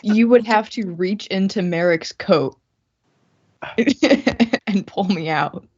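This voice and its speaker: Breathy, slow-talking female player, dry lo-fi. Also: mid-range voice, darkish tone, dry recording. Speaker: tabletop game player. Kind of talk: casual chat. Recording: dry, muffled audio.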